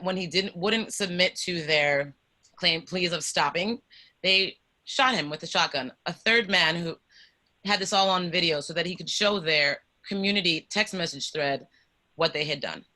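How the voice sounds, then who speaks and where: Presenter with a crisp, bright tone, reading a timeline steadily over a video call. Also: medium pitch, moderate pace. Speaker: presenter on a panel. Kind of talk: reading a timeline to an online group.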